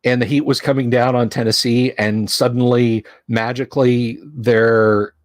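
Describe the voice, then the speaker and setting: A man hosting a casual livestream from a home studio, rambling and teasing his chat, halting with fillers. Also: mid-range voice, fairly even intonation, no room sound. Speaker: livestream host.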